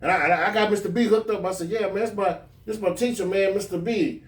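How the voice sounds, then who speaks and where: A man's voice: fast talker, few pauses, recorded from a distance. A man casually telling stories on a podcast, acting out the people he quotes. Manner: animated storyteller, jumps high to act out quoted voices. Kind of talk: casual storytelling chat. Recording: roomy echo, speaking from off the mic.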